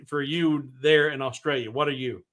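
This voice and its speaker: A man's voice: medium pitch, fairly even intonation, normal speed, fairly bright tone. A man with a Southern US accent hosting a casual woodworking livestream, talking in a rambling, friendly way with many restarts. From American South. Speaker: livestream host.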